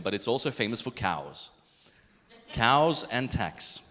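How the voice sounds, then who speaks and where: A man's voice: on the low side, lively intonation, normal speed, fairly bright tone. A man from Greece introducing a keynote speaker, joking and telling a story about him. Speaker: event host. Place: large conference hall. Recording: hall reverb from stage mic.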